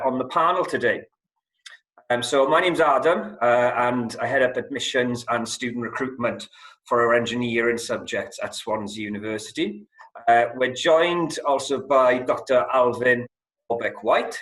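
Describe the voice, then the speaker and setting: A man runs a university webinar over a video call and introduces the panel. His voice sits at a middle pitch, and his talk is friendly and full of fillers. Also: normal speed, a bit bright, low-quality recording. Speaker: admissions head and webinar host. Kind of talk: webinar hosting.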